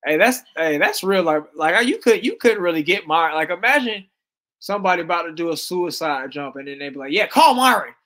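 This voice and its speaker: A man with a somewhat high voice talks loosely through a live-stream reaction. He is slangy and casual, and he reads chat messages aloud between his takes. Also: animated, fairly quick, a bit bright.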